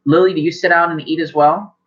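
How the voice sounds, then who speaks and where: A man's voice: a little high, fairly even intonation, quick pace, a bit bright. A man running a tabletop game as game master, narrating loosely with many fillers. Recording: dull lo-fi sound.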